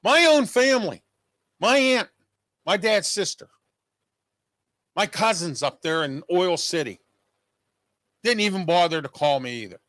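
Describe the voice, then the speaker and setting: Agitated high-voiced man hosting a show. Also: expressive, measured pace, pauses often, a bit bright, no room sound, studio quality. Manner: agitated, emphatic, repeats points. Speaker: show host. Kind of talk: personal monologue to viewers.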